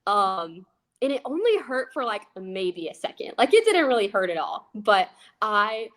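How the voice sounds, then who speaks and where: A young woman, an aquarist, telling a funny work story in a bubbly, excitable, casual way with plenty of fillers. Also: mid-range voice, moderate pace. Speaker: aquarist guest.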